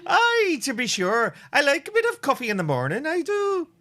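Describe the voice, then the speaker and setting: A man hamming up a cheery Irish-Scottish fellow, pitched well up and bright, chattering fast. The accent is a jokey muddle. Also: huge pitch swings, exaggerated voice. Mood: silly. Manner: jokey mangled accent, laughing through it. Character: hammy Irish-Scottish man fond of coffee.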